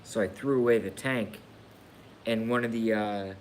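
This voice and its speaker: A man live-streaming a casual rant, slow and halting, with sighs and swearing, emotional and grieving. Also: fairly low pitch, fairly even intonation, slight background noise.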